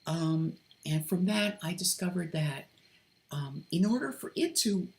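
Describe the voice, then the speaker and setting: A woman hosting a casual vlog, talking hesitantly with many ums and restarts, carefully keeping her voice soft and deliberate. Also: lowish voice, lively intonation. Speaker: video host. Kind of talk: unscripted vlog commentary with read-aloud quotes.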